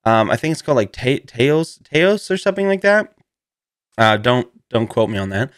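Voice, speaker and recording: A man's voice: medium pitch, sing-song, moderate pace, clear, resonant tone, no echo, studio quality. A man hosting a casual comedy monologue, rambling and playful and laughing often between his bits. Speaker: host.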